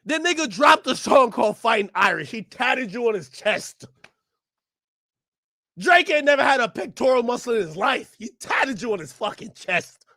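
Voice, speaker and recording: A man ranting loudly and profanely to his chat during a live stream reaction. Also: extremely high pitch, very animated, moderate pace, no echo, studio quality. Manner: loud, profane ranting, often shouting; talks to his chat and laughs between bits.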